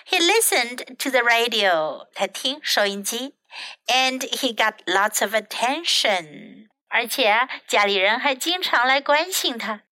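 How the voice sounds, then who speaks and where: A woman teacher reading a bilingual picture book to children, gentle and clear. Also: on the high side, no echo.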